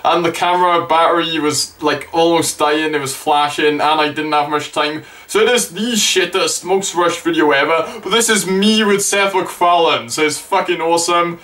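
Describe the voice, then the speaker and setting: A young man from Wales, excitedly telling a story to camera and swearing freely. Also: a little high, moderate pace, few pauses. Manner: excitable, sweary, gushing fan. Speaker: vlogger.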